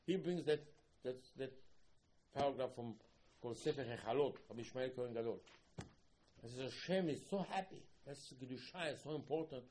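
A man teaching a Torah class as a sermon in halting, broken English, repeating himself and breaking into sudden loud emphatic bursts. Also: medium pitch, a little hiss or hum, low-quality recording. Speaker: religious teacher.

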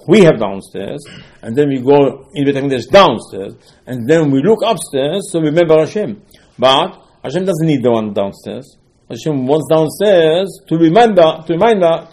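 Man, Torah lecture, animated storytelling, rhetorical questions, husky, mellow. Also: a little high. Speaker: rabbi.

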